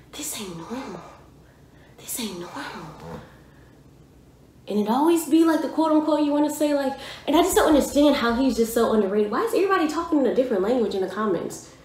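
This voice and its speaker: A young woman reacting to a music video, casual and emphatic, full of slang and excited outbursts. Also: sits high. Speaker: reaction vlogger. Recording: echoey room.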